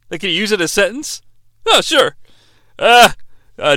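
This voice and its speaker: A man's voice: high voice, very animated, moderate pace, long pauses, bright, forceful tone, no echo. An American man co-hosting a podcast, recapping a TV episode in a profane, joking way and dropping into mocking voices. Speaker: podcast co-host. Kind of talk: casual comedic episode recap.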